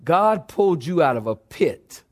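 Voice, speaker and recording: A male pastor in full sermon mode, his voice sitting a bit high for a man. He preaches with fervor, dropping low and soft, then climbing sharply as he presses his point, sweating as he goes. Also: sing-song, measured pace. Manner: preaching with rising fervor and dramatic pitch swings. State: sweating from exertion.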